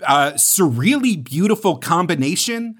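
A man's voice: a little high, sing-song, measured pace, a bit bright, slightly rough. A man co-hosting a podcast, chatting casually and rambling with lots of fillers and restarts. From United States. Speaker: podcast co-host.

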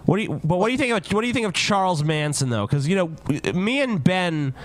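A man's voice: high-pitched, lively intonation, fast talker, no room sound. Drunk, rowdy male podcast host. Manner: loud, crude, rambling. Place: online voice call.

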